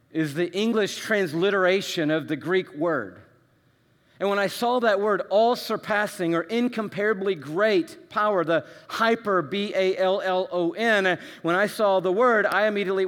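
A man's voice: high-pitched, long reverb tail. A man preaching a sermon to a congregation, stacking emphatic phrases and adding playful asides to the crowd. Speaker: pastor. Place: church auditorium.

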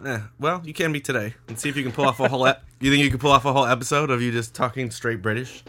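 A man hosting a casual podcast, joking and rambling in a loose, quick way. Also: medium pitch, steady tone, sharp tone. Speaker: podcast host.

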